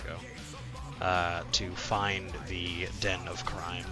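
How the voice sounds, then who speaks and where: A man's voice: sits low, flat delivery, takes it slowly, music in the background. A man playing a tabletop game, declaring his character's actions in a formal, mock-heroic tone. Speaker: player. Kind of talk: tabletop role-play.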